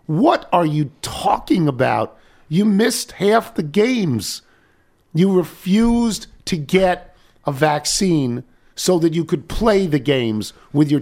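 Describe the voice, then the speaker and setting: Older radio host guy, fired up and ranting, pitch all over the place. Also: a little mellow. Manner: indignant, ranting, rhetorical questions. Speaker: radio talk show host. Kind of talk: casual talk radio banter.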